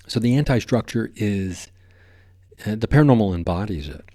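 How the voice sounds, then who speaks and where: Male podcast host, deep voice, loose and rambling, playful wordplay. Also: lively intonation, normal speed, mellow. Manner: rambling, playful, stumbles over words. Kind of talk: casual podcast monologue.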